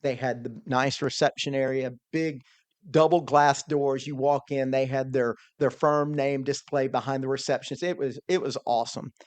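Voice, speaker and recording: As a guest on a podcast, a man tells an earnest, animated story from his life, quoting his own thoughts along the way. His voice is mid-range at a normal speed, with no room sound.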